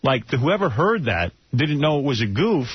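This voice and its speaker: A male radio host with a husky voice that swings up and down, teasing his guest in mock-formal tones. The sound is dry and a little dull. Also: mid-range voice, big pitch swings, moderate pace, no room sound. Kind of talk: casual radio banter.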